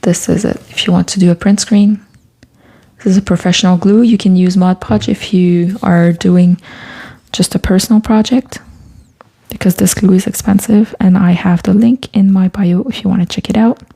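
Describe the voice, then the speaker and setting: Speaking at a moderate pace in a husky, creaky mid-range voice with a steady tone, this artist from Quebec, Canada, streams live from her home studio. She crafts while chatting easily, says hello to viewers by name, and frequently lowers her gentle voice to a whisper.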